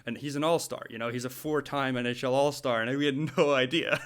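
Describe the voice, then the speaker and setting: A young man telling a story in a casual podcast chat, animated and laughing often, with many restarts. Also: mid-range voice, brisk. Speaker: podcast co-host.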